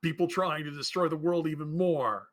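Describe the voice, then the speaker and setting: A man's voice: a little high, normal speed, a bit bright, natural voice. A man voicing a suspicious mutant scavenger who haggles, in a tabletop game. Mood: wary. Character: wary, bargaining mutant scavenger.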